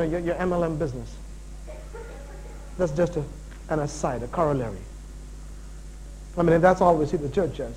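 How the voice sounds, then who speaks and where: A man preaching a sermon as pastor, animated and full of jokes and asides. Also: high voice, slight background noise, poor audio.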